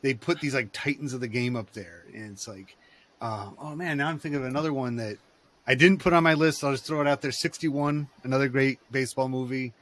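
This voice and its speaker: Man on a podcast; rambling, digressive storyteller; mid-pitched, conversational delivery. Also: a little fast, fairly bright tone. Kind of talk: casual podcast chat.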